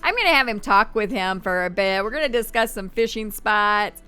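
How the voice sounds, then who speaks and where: Bright, chatty woman gaming host. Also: medium pitch, expressive, smooth. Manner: chatty, voices her Sims' thoughts in quick asides. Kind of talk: casual gameplay commentary. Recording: faint background game music.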